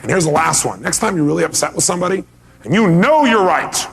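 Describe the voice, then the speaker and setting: A man's voice: fairly high pitch, lively intonation, fast, gravelly, a little hiss or hum. A man giving a motivational seminar talk, pressing the audience with emphatic rhetorical questions. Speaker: motivational speaker.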